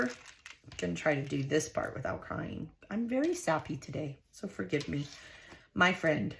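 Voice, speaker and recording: A woman's voice: low voice, animated, normal speed, gravelly, slight background noise. A middle-aged woman hosting a crafting video, chatting casually and homely to her viewers as she works at her craft desk. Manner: chatty and homey, talks to viewers directly. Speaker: scrapbooking channel host. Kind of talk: casual crafting tutorial chat.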